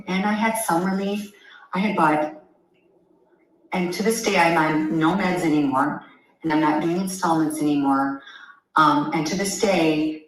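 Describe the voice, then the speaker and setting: A woman giving an emotional, earnest personal testimonial, halting often with ums. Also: low-pitched. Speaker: customer sharing a testimonial. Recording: very echoey room, faint noise.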